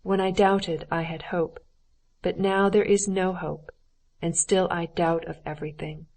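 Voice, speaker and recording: A woman voicing a cold, stiff middle-aged husband who speaks in a measured, formal, clipped way. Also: fairly low pitch, flat delivery, a little mellow. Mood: bitter.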